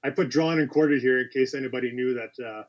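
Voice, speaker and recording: Guy running a live quiz stream, mid-pitched, keeps correcting himself and saying sorry. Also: fast talker. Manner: chatty, self-correcting, apologetic asides. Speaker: quiz host.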